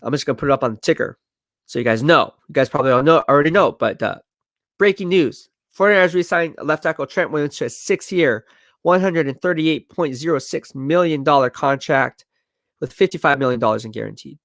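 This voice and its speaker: A man's voice: on the high side, fast talker, a bit bright, dry recording. A worn-out man signs off a long sports live stream, his voice tired and fading. He talks in a loose, chatty way and repeats himself as he thanks his viewers. He is close to a dry mic with no room sound. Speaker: podcast live stream host. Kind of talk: casual live stream sign-off.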